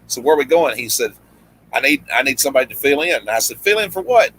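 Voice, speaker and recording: Bright-voiced man spinning a rambling yarn. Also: mid-range voice, fast, a little hiss or hum, low-quality recording. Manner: rambling, many restarts, acts out quoted lines. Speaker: guest storyteller, former pro wrestler. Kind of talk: casual storytelling chat.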